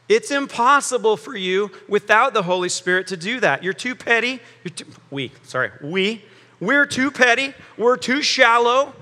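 A man preaching a sermon as pastor, animated and joking, often acting out quotes. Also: very high-pitched. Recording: long hall reverb.

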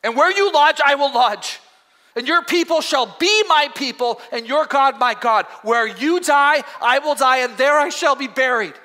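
A man's voice: very high voice, normal speed, sharp tone, pitched above the performer's own voice. A man reading aloud the vow of a devoted young widow, in a fervent, solemn way. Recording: echoey hall.

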